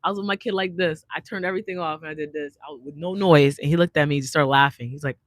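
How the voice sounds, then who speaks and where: A woman's voice: low-pitched, fast talker, hardly any pauses, no echo. A woman hosting a livestream as an artist, chatting casually in a rambling, slangy way and reading out viewer comments. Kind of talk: casual live chat.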